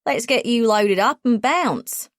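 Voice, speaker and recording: A woman's voice: fairly high pitch, slow, no echo, studio quality, pitched above the performer's own voice. A woman voicing a brash young Australian man, a guide with a cocky, breezy, overconfident manner, in an audiobook.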